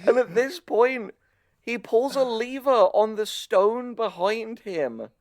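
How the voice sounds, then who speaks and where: Slow-talking man recapping a cartoon. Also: extremely high pitch, lively intonation, no room sound, studio quality. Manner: storytelling, swearing, laughing often. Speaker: podcast co-host recapping an episode. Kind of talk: casual chat.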